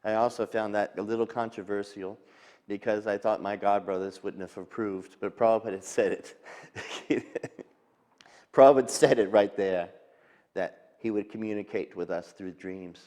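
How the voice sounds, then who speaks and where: An older man telling memories of his teacher in a halting, reminiscing way, with pauses and restarts. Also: on the low side, fairly even intonation, a little mellow. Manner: halting, with fillers and restarts, quotes others in lifted voice. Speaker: disciple recounting memories. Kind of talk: reminiscing, storytelling interview. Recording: long hall reverb.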